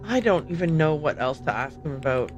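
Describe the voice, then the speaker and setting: A woman's voice: deep voice, animated, a little fast, a little mellow, soft background music. A woman hosting a livestream, chatting casually and rambling as she plays a game, often stopping to correct herself. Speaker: livestream host playing a game. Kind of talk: casual gameplay commentary.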